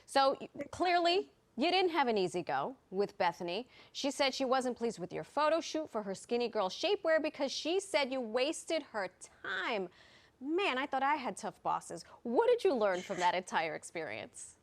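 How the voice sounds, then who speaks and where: A woman's voice: high voice, big pitch swings, normal speed. Chatty enthusiastic woman news host. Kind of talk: TV interview hosting.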